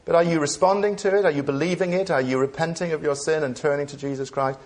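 A man's voice: on the high side, steady tone, fast talker, a little mellow. A man preaching a sermon in an earnest way, asking the listeners many rhetorical questions.

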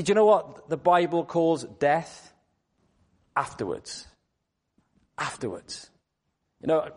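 A man gives a sermon with earnest conviction. He presses his listeners with rhetorical questions and repeats key words to drive his points home. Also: on the high side. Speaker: preacher.

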